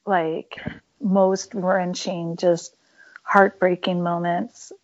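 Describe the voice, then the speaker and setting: A woman's voice: fairly low pitch, level tone, very slow. Candid woman musician, dull lo-fi audio. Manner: candid and emphatic, many fillers. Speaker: punk band musician, interview guest. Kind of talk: casual storytelling interview.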